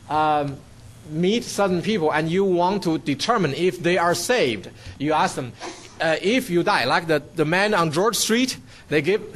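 Guy giving a bible study sermon, voice a bit on the high side, lots of uhs and restarts, keeps saying okay. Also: fairly bright tone. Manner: explanatory, frequent fillers and restarts, often checks in with "okay". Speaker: Bible teacher.

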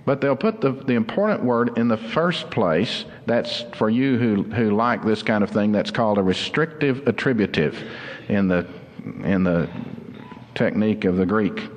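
Earnest pastor preaching in a reverberant hall. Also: male voice, fairly low pitch, expressive. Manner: earnest, explanatory, slows down for emphasis. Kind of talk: sermon.

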